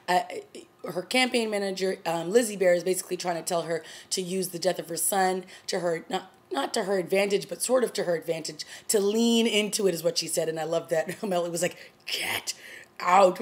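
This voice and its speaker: Chatty woman reviewing a TV episode. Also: fairly low pitch. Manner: chatty, full of fillers like "you know" and "like"; animated retelling of scenes. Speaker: TV review vlogger. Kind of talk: casual solo TV episode review.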